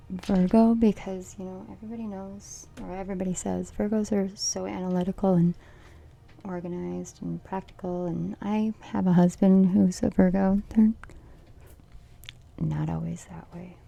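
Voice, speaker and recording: A middle-aged woman doing a casual card reading, playful and giggly, often dropping into a soft whisper. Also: medium pitch, steady tone, normal speed, gravelly. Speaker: tarot reader.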